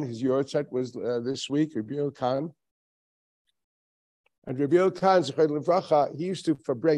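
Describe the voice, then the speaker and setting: A man's voice: a little high, mellow. A man in his seventies, a rabbi giving a sermon, telling stories with frequent chuckles and rhetorical questions. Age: 70s. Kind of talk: Tisha B'Av sermon.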